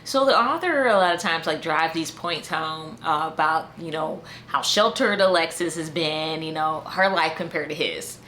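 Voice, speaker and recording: Woman book reviewer, lowish voice, casual and rambling with lots of fillers and restarts. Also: moderate pace, few pauses, sharp tone, slight background noise. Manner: chatty, full of fillers and restarts.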